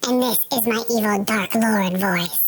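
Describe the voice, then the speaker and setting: A man voicing an angry male chipmunk, his voice pushed up by a pitch-shifter effect. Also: a little slow, a bit bright, slight background noise. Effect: pitch-shifter raising the voice.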